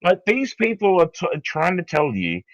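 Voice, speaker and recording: A man who has been drinking, arguing in an online debate, halting with fillers and swearing when flustered. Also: sits high, huge pitch swings, no room sound, muffled recording. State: tipsy from drinking.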